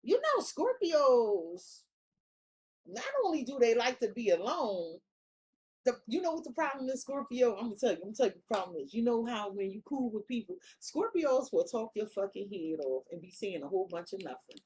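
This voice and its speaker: High-voiced woman, tarot reader, casual monologue, slangy and emphatic with lots of cursing. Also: big pitch swings, moderate pace, darkish tone, a little hiss or hum. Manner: blunt, profane, slangy and emphatic.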